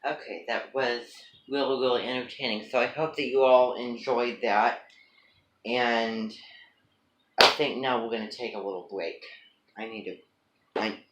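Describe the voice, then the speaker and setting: A man hosting a workshop, speaking to the audience in a friendly, relaxed way. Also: mid-range voice, measured pace. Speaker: workshop host. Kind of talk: addressing an audience. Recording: echoey room, faint noise.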